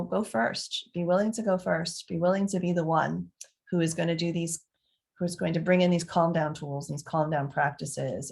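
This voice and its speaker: A middle-aged woman parenting coach answering parents' questions, who acts out calming scenes as examples and talks with many fillers and restarts. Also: deep voice, vocal fry.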